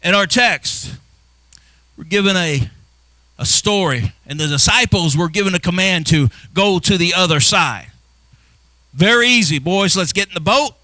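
A male pastor preaching a sermon, building from soft, low passages into impassioned shouts. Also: expressive, normal speed, dry recording.

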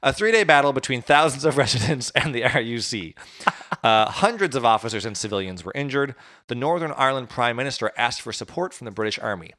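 A man's voice: medium pitch, lively intonation, fast, bright, forceful tone, dry recording, studio quality. A man recounting history in a casual chat, with jokey asides. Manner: conversational storytelling, jokey asides. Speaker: podcast host.

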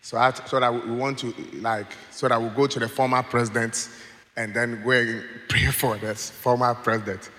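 A man preaching, telling stories in an animated way and laughing as he goes. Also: mid-range voice, normal speed. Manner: animated, laughs while telling stories, acts out quoted voices. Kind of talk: sermon with storytelling. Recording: long hall reverb.

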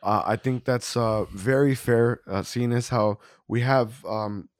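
A man's voice: mid-range voice, steady tone, unhurried, dry recording. A man co-hosting a podcast, rating beers in a casual, rambling way full of fillers and little laughs. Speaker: podcast co-host. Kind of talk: casual beer-tasting chat.

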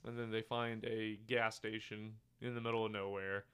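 Bright, clear-voiced man recapping a film. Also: lowish voice, little pitch movement, moderate pace. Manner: rambling recaps with quoted lines and fillers. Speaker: podcast co-host. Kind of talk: casual movie review chat.

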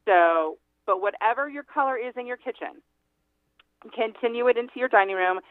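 A woman with a fairly high, animated voice phones in as a real estate agent guest on a radio interview, speaking at a moderate pace. She's chatty and emphatic, laughing often, and her voice comes through a tinny phone line with a dry sound.

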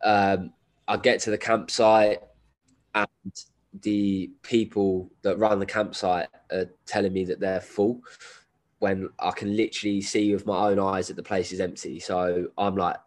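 Deep-voiced man with a cold. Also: flat delivery, unhurried. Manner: swearing, laddish slang, laughs while telling. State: has a cold. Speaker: guest, endurance runner. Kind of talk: casual storytelling.

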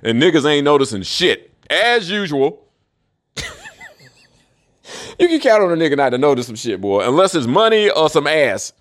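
A man's voice: fairly high pitch, very animated, moderate pace, pauses often, fairly bright tone. A man in a rambling solo monologue, profane and mocking, who laughs often. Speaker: commentator.

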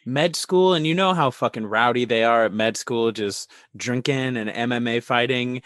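Man, bright forward tone, dry mic, joking, casual swearing, movie podcast banter. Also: mid-range voice, normal speed, dry recording. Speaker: podcast co-host.

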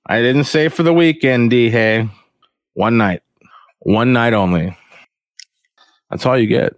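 A man's voice: mid-range voice, expressive, unhurried, long pauses, no room sound. A man hosting a casual livestream chat, rambling in a profane, slangy, self-mocking way. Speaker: podcast host.

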